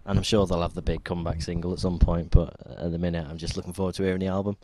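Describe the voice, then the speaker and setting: A man's voice: sits low, very fast, dry recording. A man co-hosting a podcast, chatting casually and rambling with frequent ums. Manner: relaxed, rambling with many ums. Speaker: podcast co-host. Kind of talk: casual chat.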